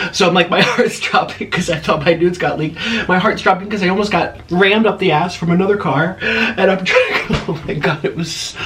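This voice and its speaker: A man's voice: on the high side, bright, forceful tone. A man hosting an eating vlog, chatting through a dramatic story between mouthfuls. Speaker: vlogger.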